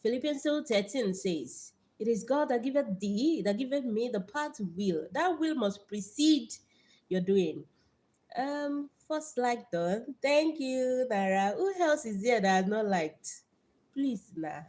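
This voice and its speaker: Young Nigerian woman, Nigerian accent, fairly high voice, lively livestream host who preaches and repeats words. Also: a little slow. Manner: lively, repeats words, greets viewers by name. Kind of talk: live stream motivational talk with Bible verses.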